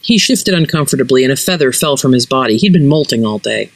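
Lively story narrator, pitch all over the place, dry close mic. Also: fast, hardly any pauses, no room sound, rough recording. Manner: expressive, varied pitch. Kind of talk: fiction reading.

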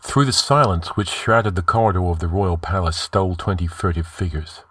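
A man reading a heroic fantasy story aloud in a measured, dramatic style. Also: low-pitched, fairly bright tone, breathy edge, no room sound. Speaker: story narrator.

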